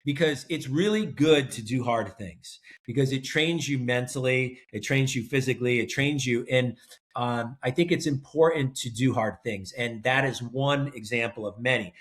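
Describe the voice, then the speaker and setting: Relaxed middle-aged man telling a story. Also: medium pitch, normal speed. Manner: relaxed storyteller, many ums and uhs. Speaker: guest, researcher and ultrarunner. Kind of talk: casual interview storytelling.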